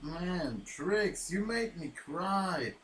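A man hosting a podcast and commentating an online wrestling show. His delivery is emotional and halting, with restarts and repeated words. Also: lively intonation, slight background noise. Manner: deeply moved, emotional delivery.

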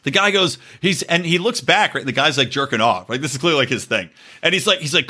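Animated, bright-voiced man telling stories. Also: fairly high pitch, quick pace, hardly any pauses, husky. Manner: animated, acts out quotes with shifting voices; profane, laughs often. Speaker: podcast co-host. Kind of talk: casual storytelling chat.

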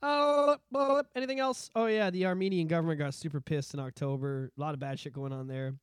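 A man co-hosting a casual podcast, talking in a loud, profane and animated way, often breaking into shouts. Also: fairly high pitch, fairly quick, clean tone, dry recording, studio quality. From Canada. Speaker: podcast co-host.

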